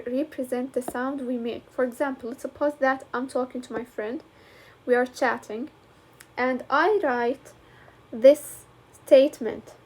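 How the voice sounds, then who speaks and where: A woman teacher walks through a lesson step by step. She talks in a fairly high voice. She moves easily between English and colloquial as she explains. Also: slight background noise. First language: Arabic.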